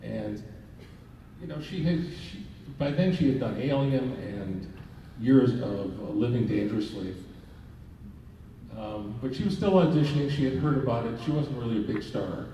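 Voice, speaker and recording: A man's voice: medium pitch, normal speed, warm tone. An older man from Canada, a film director, telling rambling anecdotes on a convention panel and chuckling as he goes. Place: large convention hall, indoors. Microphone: phone camera in the audience. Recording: echoey hall, distant mic, dull and faint hiss.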